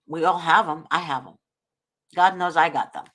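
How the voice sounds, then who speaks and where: A woman's voice: sits low, normal speed, a bit bright. A woman hosting a talk show, giving earnest, preachy advice and repeating her points. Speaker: host.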